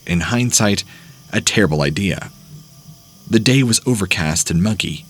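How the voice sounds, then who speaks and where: A man narrating first-person horror stories as the host of a channel, reading in a plain, steady way. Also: sits low, breathy edge.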